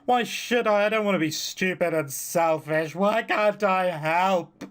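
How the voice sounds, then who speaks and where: A man's voice: sits high, a little slow, a bit bright, clear, resonant tone. A man voicing an anxious, self-doubting teenage boy who is upset and near tears in a visual novel.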